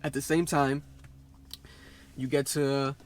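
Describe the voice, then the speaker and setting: A man's voice: mid-range voice, flat delivery, takes it slowly. A young man chatting casually as a vlog co-host, rambling and restarting his sentences. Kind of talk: casual chat.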